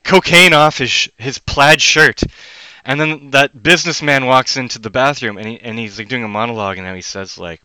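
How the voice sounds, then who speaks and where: A man rambling on a solo live stream at home, jumping between loud outbursts and low muttering. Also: clear, resonant tone, no room sound.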